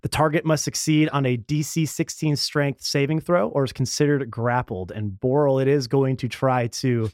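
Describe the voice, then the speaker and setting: A man's voice: medium pitch, fairly even intonation, normal speed, few pauses, darkish tone, dry recording, clean studio sound. A man acting as game master, narrating a tabletop game with vivid descriptions of combat.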